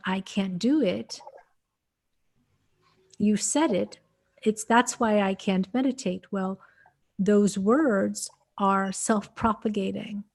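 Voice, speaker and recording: Slow, calm woman channeling spiritual guidance. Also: medium pitch. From United States. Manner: calm, measured, speaks as "we". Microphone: webinar call.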